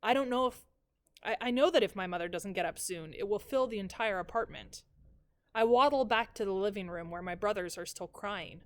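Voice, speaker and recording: A woman teacher reading the first chapter of a novel aloud in measured, even storytelling. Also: mid-range voice.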